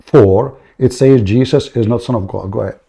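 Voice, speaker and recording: Guy with an arabic first language hosting a heated debate, mocking and pushy, warm mellow voice, keeps repeating himself. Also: mid-range voice, gravelly, slightly rough. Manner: mocking, insistent, repeats words rapidly. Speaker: debate host.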